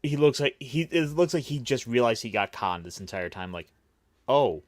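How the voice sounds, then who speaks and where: A man's voice: mid-range voice, expressive, a little fast, no room sound. A man hosting a casual roundtable chat, recapping with wry, mocking asides. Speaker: podcast host.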